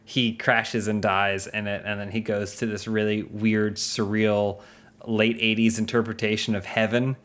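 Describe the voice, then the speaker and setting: A man's voice: fairly low pitch, flat delivery, unhurried, a bit bright. A man hosting a podcast, casually retelling a movie plot with lots of restarts and voiced quotes. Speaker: podcast host. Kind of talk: casual chat.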